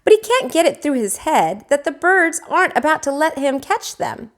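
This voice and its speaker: A woman teacher reading a children's book aloud, with expressive, animated storytelling. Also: high-pitched, normal speed.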